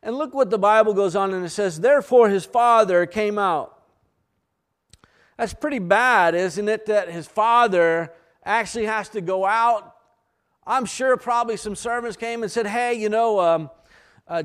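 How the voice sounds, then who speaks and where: Slow-speaking high-voiced male preacher. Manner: slow, earnest, reads scripture aloud with asides. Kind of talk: sermon.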